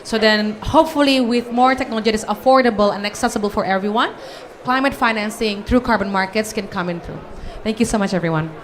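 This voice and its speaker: A woman's voice: medium pitch, fast talker, slight background noise. Hesitant woman presenting at a panel. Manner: hesitant, many fillers. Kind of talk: conference presentation. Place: conference pavilion.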